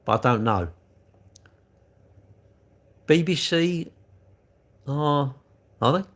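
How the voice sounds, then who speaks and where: A man's voice: on the high side, lively intonation, very slow. Chatty middle-aged man rambling. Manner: rambling, chatty, full of tag questions. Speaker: livestreamer. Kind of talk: casual live chat answering viewer comments.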